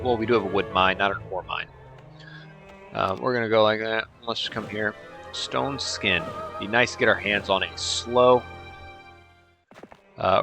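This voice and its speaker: A man's voice: sits low, creaky, pushed and bright. A man thinking aloud in casual let's-play commentary, rambling and teasing his own units. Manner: rambling, thinking aloud, playful name-calling. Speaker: gameplay commentator.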